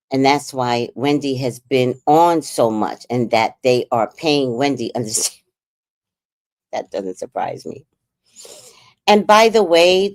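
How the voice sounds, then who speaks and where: A woman with a New York accent giving casual, outspoken livestream commentary on a podcast feud. She swears freely. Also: a bass voice.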